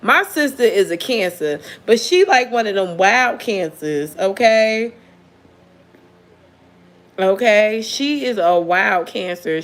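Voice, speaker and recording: Blunt, laughing woman telling a story. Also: medium pitch. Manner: blunt and profane, breaks into laughter. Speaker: tarot reader. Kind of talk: casual storytelling chat.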